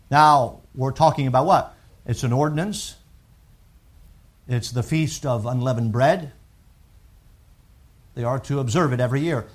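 A man preaching a sermon, reading scripture aloud and explaining it earnestly, swinging between raised and hushed delivery. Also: mid-range voice, a little slow, pauses often. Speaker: pastor.

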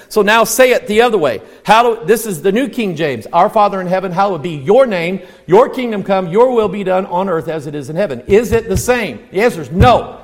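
A man preaching with a high-pitched voice, pressing his points with rhetorical questions and sudden near shouts. His voice rings out with the long reverb of a big hall. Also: animated, a little fast, hardly any pauses. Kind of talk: sermon.

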